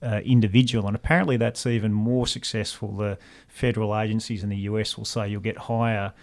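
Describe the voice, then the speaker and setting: A man's voice: on the low side, flat delivery, brisk. A man explaining speech technology in casual panel chat, enthusiastic and full of fillers. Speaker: guest, speech technology specialist.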